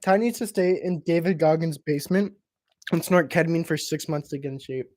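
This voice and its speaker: Male streamer, slightly high voice, foul-mouthed and mocking, dry close sound. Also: fairly quick, darkish tone, no room sound. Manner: crude, profane, mocking banter. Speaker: streamer hosting a watch party. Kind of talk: casual live reaction commentary.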